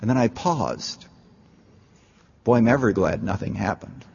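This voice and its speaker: Man, pastor, sermon, lively pitch, dull recording, long hall reverb. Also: a little slow, creaky, noisy background. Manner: storytelling, rising to fervent appeals. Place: large church. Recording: dull, echoey church hall.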